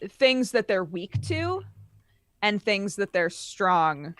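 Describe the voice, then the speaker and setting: Animated woman co-host, dry close sound. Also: medium pitch, slow pace, dry recording. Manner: animated, laughing storyteller who swears casually. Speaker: podcast co-host. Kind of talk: casual chat about games.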